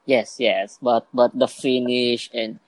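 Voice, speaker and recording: A man in a casual podcast chat, talking haltingly with many pauses and restarts. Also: mid-range voice, fairly even intonation, dry recording. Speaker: podcast co-host.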